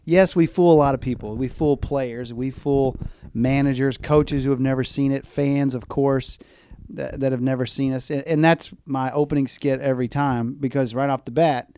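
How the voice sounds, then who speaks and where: A middle-aged man who performs as a baseball mascot tells stories in an interview chat, acting out the voices of the people in them. His voice is smooth and medium-pitched at a moderate pace, with no echo.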